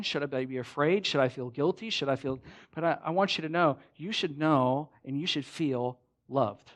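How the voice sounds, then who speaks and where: Pastor, male, chatty sermon delivery, acts out dialogue, slightly higher voice. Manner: conversational, animated, acts out quoted lines.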